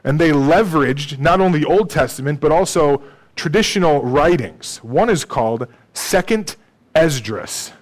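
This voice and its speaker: Brief: male preacher, casual sermon delivery, slightly high pitch, keeps asking "right?". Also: animated, normal speed. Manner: conversational, peppers points with "okay?" and "right?".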